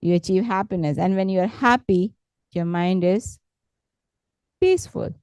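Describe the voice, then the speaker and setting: A woman leading a talk on positive thinking, speaking patiently and gently, often checking in with her listeners. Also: medium pitch, smooth, no echo. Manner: slow, patient, repeats words and asks "correct?"; gentle, encouraging. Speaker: meditation instructor.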